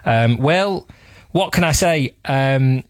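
A man's voice: mid-range voice, lively intonation, takes it slowly, dry recording. A man hosts a radio show in loose, joking chat, rambling and teasing his co-hosts. His voice sits in the middle range. The studio sound is dry and close. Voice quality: rambling, teasing, laughs often. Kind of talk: casual comedic chat.

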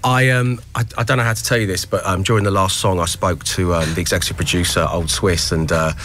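A man's voice: low voice, fairly even intonation, quick pace, a bit bright, slight background noise. A man hosting a radio breakfast show, chatting and joking in a teasing, playful way. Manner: jokey, teasing, laughs often. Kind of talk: casual radio banter.

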